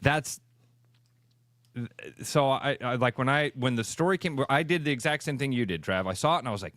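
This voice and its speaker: A man's voice: mid-range voice, normal speed, fairly bright tone, no echo, clean studio sound. Blunt, ranting radio co-host man. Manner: blunt, emphatic ranting with crude language. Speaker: radio sports talk co-host. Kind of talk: opinionated sports radio banter.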